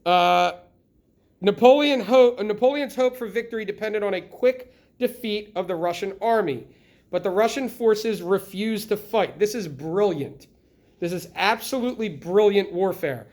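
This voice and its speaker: A middle-aged man teaching a history lesson in a classroom, lively and constantly checking in with the students by asking questions. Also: sits high, normal speed. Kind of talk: classroom lecture.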